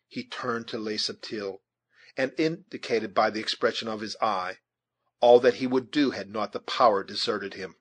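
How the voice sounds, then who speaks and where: A male audiobook narrator with a husky, slightly breathy voice, pitched squarely in the middle. He reads a classic novel with measured, dramatic pacing. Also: a bit bright. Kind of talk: audiobook reading.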